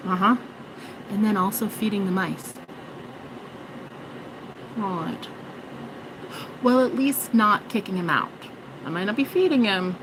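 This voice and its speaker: A woman's voice: mid-range voice, expressive, slow, pauses often, noisy background. A woman vlogging in a rambling, joking monologue, swearing and mocking herself. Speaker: spiritual vlogger.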